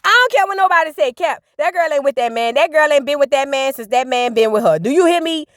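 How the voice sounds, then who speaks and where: A woman's voice: sits high, expressive, fast talker, a bit bright, no room sound, studio quality. A woman giving casual, sassy reaction commentary, telling the story in slang and acting out the people she quotes. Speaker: reality TV recap host.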